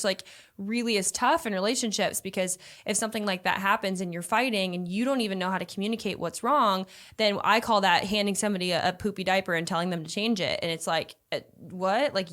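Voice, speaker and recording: A woman's voice: mid-range voice, a bit bright. A young woman hosting a casual relationship chat, talking earnestly and at length in a coaching tone. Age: young adult. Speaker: host.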